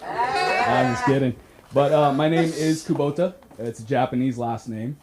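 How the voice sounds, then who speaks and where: A man's voice: medium pitch, unhurried, very noisy. A man starting a stand-up set at an open mic night. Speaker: comedian. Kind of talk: stand-up comedy.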